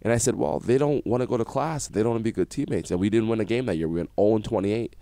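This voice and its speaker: Fast-talking man telling coaching stories. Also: lowish voice, dry recording, studio quality. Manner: animated storyteller acting out quotes. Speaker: guest, former basketball coach. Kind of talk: radio interview storytelling. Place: radio studio.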